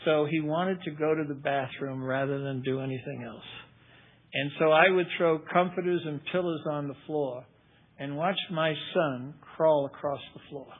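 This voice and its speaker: An older man tells his recovery story at a meeting. He keeps a wry, conversational tone, and his voice sits a little high. The recording is thin and tinny, like a phone line. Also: fairly even intonation, moderate pace. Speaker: AA speaker.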